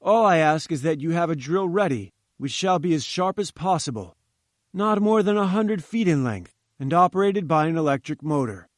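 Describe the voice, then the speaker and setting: In an audiobook reading, a man gives voice to an imperious, scornful older male scientist who barks curt commands. He pitches his natural voice higher than usual, sounding expressive at normal speed. The studio recording is clean and echo-free.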